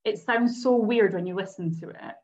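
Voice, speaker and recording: A woman's voice: medium pitch, moderate pace. A woman, co-hosting a podcast and recounting a case in casual chat, acting out quotes as she goes. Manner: animated storyteller, acts out quotes. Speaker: podcast co-host. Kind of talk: casual true-crime chat. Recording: slightly dull lo-fi sound.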